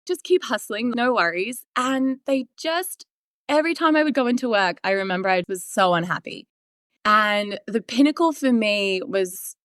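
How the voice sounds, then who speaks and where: A woman in her thirties tells her story as a podcast guest, bright and animated. Her voice sits a little high, and she laughs often and plays out her past remarks. The sound is dry and close. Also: no room sound. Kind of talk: storytelling in a casual interview.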